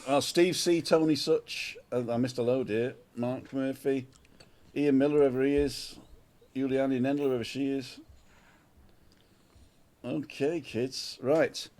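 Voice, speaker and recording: A man's voice: mid-range voice, fairly even intonation, measured pace, long pauses, darkish tone. A man hosting a casual livestream chat on an outdoor balcony, greeting viewers and reading out their names, recorded on a smartphone. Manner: chatty, reads out viewer names. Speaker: livestream host.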